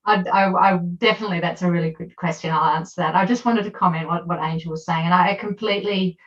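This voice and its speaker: A woman's voice: on the low side, steady tone, quick pace, highs cut off. An Australian woman in an online seminar discussion, speaking as an academic panelist in an earnest, emphatic way.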